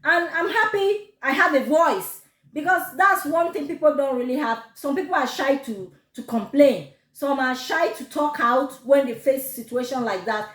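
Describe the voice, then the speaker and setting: A woman with a Nigerian accent telling a personal story to camera, animated and quick to laugh. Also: sits high. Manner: animated, laughs often, gives advice. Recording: echoey room.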